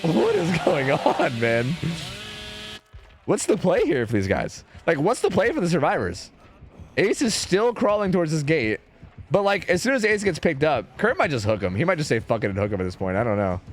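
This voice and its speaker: Male streamer-caster, casual and profane, slightly high and very animated pitch. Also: a little fast, slight background noise. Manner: loose, chatty and profane, thinking aloud. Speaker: streamer casting a match. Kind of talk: casual esports commentary.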